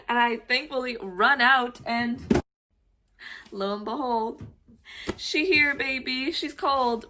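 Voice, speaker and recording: A young adult woman telling a story in a casual vlog, animated and swearing, laughing as she goes. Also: high-pitched, measured pace. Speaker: vlogger.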